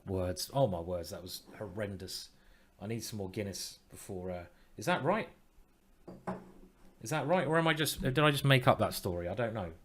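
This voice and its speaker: A man streaming online chess, thinking aloud in a playful, self-mocking way and teasing his opponent. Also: on the low side.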